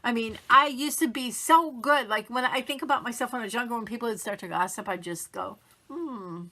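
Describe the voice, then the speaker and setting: Middle-aged woman, motivational vlogger; bright, chatty, upbeat delivery that acts out quoted self-talk. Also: a little high, fast. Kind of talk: casual motivational talk to camera.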